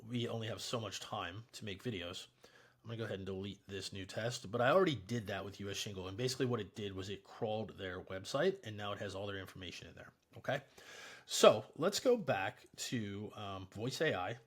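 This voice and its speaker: A man with a low, somewhat husky voice hosts a casual software tutorial. He talks in a relaxed, chatty way and explains each step with easy fillers. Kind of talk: casual screen-recorded tutorial.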